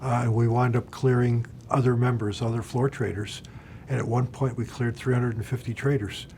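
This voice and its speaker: A man's voice: medium pitch, level tone, moderate pace, warm tone, a little hiss or hum. An older man recounting his years as a floor trader and governor in an oral history interview, speaking bluntly with frequent fillers.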